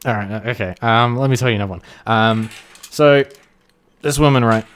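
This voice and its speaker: A man co-hosting a podcast, telling jokes in casual chat, animated and swearing. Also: medium pitch, fairly quick, clear, resonant tone. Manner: animated storyteller, swearing, laughs at his own jokes. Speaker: podcast co-host.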